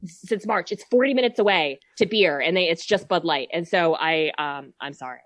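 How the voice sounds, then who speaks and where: A woman's voice: lowish voice, normal speed, no room sound. A woman guesting on a podcast from her home, chatty and self-deprecating. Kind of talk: casual chat. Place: at home in the woods.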